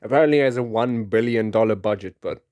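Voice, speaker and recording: A young man hosting a podcast, talking in a casual, rambling way, excitable and chuckling often. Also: fairly low pitch, fast talker, no echo, clean studio sound. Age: young adult. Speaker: podcast host.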